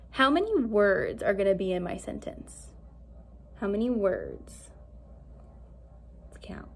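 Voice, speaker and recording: Cheerful woman teacher for a recorded lesson for small kids, clear and animated. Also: medium pitch. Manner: animated, slow and clear, asks pupils questions. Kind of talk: recorded early-grade lesson.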